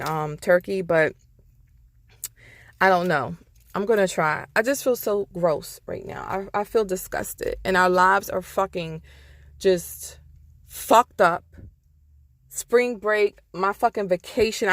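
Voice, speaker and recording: A woman's voice: medium pitch, fairly bright tone, dry recording, clean studio sound. A woman vlogger in a heated, profane casual rant, getting worked up as she talks. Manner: profane, exasperated, heated ranting. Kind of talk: casual ranting monologue.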